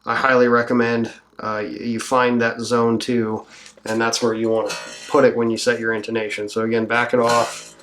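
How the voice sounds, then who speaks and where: A man's voice: mid-range voice, moderate pace. Guy at his workbench walking thru guitar intonation, easygoing, little bits of faint noise behind. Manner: relaxed, thinking aloud while working, with fillers. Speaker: guitar builder demonstrating a setup. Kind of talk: hands-on instructional walkthrough.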